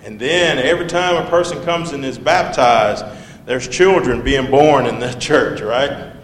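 A man leading a Bible study, talking conversationally, quizzing his listeners and repeating key words. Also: measured pace. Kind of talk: Bible study teaching with questions to the group. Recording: echoey hall with faint rumble.

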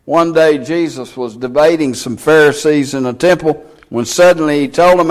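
A man preaching a sermon, reading scripture in old King James wording with slow, deliberate emphasis. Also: on the high side. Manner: reads scripture aloud in King James English.

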